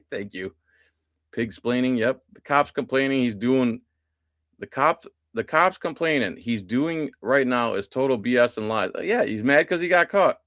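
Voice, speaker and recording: A man's voice: mid-range voice, expressive, unhurried, fairly bright tone, no room sound, clean studio sound. A man hosting a live stream in a casual, chatty way, greeting viewers and answering comments from the chat. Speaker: livestream host.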